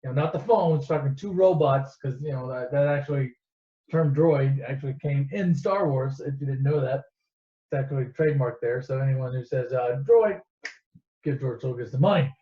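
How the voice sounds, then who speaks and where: A man's voice: medium pitch, fairly quick. A man casually retelling a favorite movie as a rambling, swearing storyteller, full of asides and restarts. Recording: echoey, dull lo-fi room recording.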